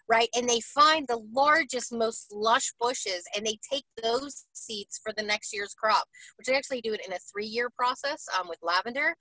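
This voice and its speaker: Gushy excited lady host, bright voice, keeps saying right?. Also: a little high, no echo, rough recording. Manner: gushing, enthusiastic, lots of "right?". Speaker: interviewer and host. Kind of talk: casual interview chat.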